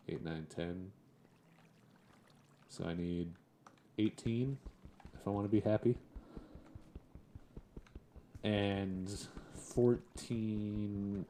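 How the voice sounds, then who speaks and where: A man's voice: on the low side, dark tone, slight background noise. A young man casually commenting on his game as he plays, chatting and chuckling in a laid-back way. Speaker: gaming streamer. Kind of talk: casual Let's Play commentary.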